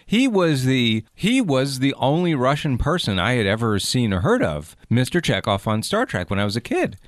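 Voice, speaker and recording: A man's voice: medium pitch, big pitch swings, moderate pace, dry recording, studio quality. A man co-hosting a radio talk show, bantering with wry jokes.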